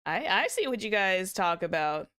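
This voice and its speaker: A woman's voice: mid-range voice, big pitch swings, moderate pace, pushed and bright, clear, resonant tone. A woman streamer chatting casually with viewers, rambling with many restarts and small laughs. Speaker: VTuber streamer.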